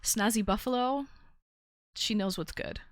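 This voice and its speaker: A woman's voice: on the high side, measured pace, dry recording, clean studio sound. Chatty woman live-streaming. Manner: chatty, rambling, reads chat aloud. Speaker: streamer hosting a call-in show. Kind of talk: casual live-stream chat.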